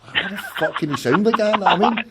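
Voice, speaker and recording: Through heavy background noise, a Scottish man in his forties from Glasgow hosts a late-night call-in podcast in a high, expressive voice at a quick pace. The chat is casual, and he swears freely and banters combatively.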